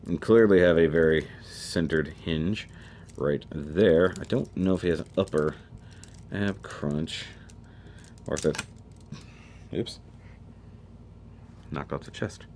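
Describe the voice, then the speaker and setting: Low-voiced man reviewing a model kit. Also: takes it slowly, pauses often, a little mellow, slight background noise. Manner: chatty, thinking aloud while handling the kit. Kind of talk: casual product review.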